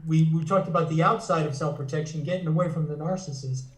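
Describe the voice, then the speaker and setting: Therapist guy talking in an interview, pretty high voice, kinda far from the mic. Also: fast talker. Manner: earnest, teaching tone with frequent restarts. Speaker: psychotherapist and author. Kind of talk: explanatory interview talk. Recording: echoey room, voice away from the mic.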